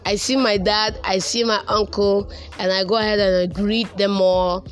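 A young man with a Nigerian accent telling a casual personal story, animated and repeating words for emphasis. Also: sits high, moderate pace, faint music behind.

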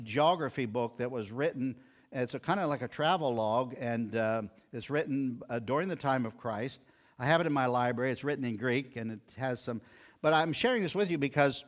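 A man's voice: medium pitch, normal speed. An older man preaching a sermon, telling scripture stories and acting out the quoted lines. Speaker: pastor.

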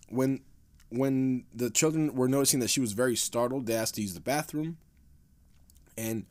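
A man hosting a casual podcast, retelling a spooky story in a rambling, profane, laid-back way. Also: medium pitch. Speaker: podcast host.

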